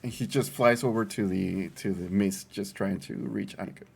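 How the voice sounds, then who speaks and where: Low, gravelly man playing a tabletop game. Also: darkish tone. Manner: halting, amused. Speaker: player. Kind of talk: describing his character in a tabletop game.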